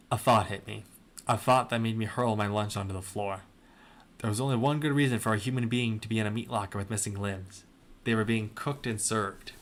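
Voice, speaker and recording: A man's voice: mid-range voice, fairly bright tone. A young man hosting a video, reading fan fiction aloud in a dry comedic style with sarcastic asides. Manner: dry, breaks into laughter and asides. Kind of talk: comedic dramatic reading with commentary.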